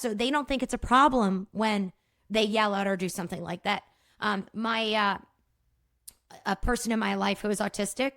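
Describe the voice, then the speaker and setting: Woman, podcast host, movement practitioner, emphatic, energetic, direct address, fairly high voice. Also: dry recording, clean studio sound. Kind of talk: solo educational podcast talk.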